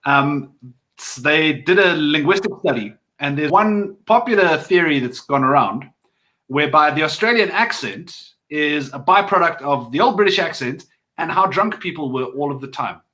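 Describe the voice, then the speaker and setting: Dry-witted man, bright voice. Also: a little high, lively intonation, normal speed, poor audio. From Pretoria, South Africa. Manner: dry, wry storyteller. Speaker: guest co-host. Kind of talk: casual comedic chat.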